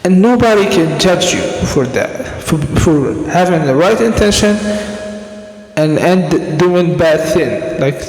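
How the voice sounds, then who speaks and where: A man who talks in a slow, halting, reflective monologue and often restarts his sentences. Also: fairly high pitch, expressive, darkish tone, faint music behind. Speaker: podcast host. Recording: echoey room with long reverb.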